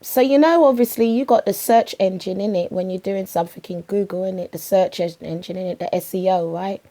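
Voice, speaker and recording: A woman with a British accent hosting a podcast, telling a comedic story in an animated, slangy way, full of rapid asides. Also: medium pitch. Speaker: podcast host.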